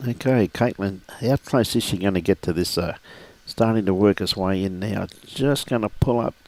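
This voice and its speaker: Matey bowls commentator, lowish voice. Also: male voice, normal speed, a little mellow, no room sound. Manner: jokey, matey banter with frequent laughs. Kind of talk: live sports commentary.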